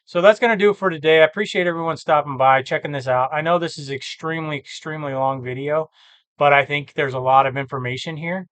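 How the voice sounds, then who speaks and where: A tired man who talks casually and thinks out loud, rambling and correcting himself as he works through reseller listings. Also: a little high, fast, smooth, no echo. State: tired, yawning. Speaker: eBay reseller vlogger. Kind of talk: casual screen-share commentary.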